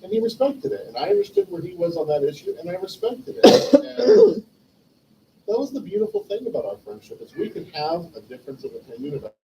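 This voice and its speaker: A man's voice: high voice, fairly quick, background noise. A man telling a heartfelt, rambling story about an old friend, acting out their past conversations. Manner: animated, rambling, heartfelt, acts out past dialogue. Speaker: memorial stream host. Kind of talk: personal storytelling, eulogy. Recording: distant mic with faint room ambience.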